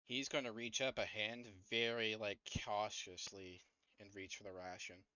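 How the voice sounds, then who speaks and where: A man's voice: lowish voice, little pitch movement, moderate pace, sharp tone, dry recording, lo-fi sound. A man narrating a tabletop game as game master, hesitant with many fillers.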